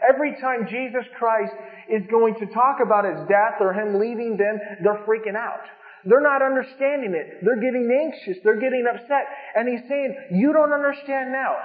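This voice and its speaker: A man preaching an expository Bible sermon, earnestly retelling scripture in plain everyday words. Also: high-pitched. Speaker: pastor. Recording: echoey hall over a tinny phone-like line.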